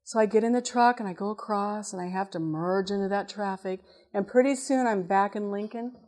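A woman preaching a sermon, telling a personal story and acting out the dialogue in a lively way. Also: medium pitch, brisk.

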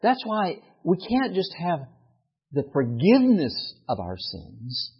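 A man preaching a sermon with animated delivery that rises to emphatic peaks. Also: on the high side, slow, husky, muffled recording. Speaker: pastor.

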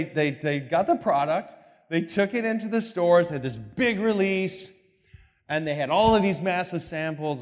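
High-pitched guy telling a story to a room, voice jumps all over, long hall echo. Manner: animated storytelling, acts out voices. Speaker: speaker. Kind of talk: motivational talk with slides.

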